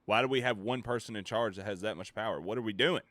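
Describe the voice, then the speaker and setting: A man streamer ranting in casual chat, animated, swearing and laughing between points. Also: on the low side, fast talker, no echo. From United States.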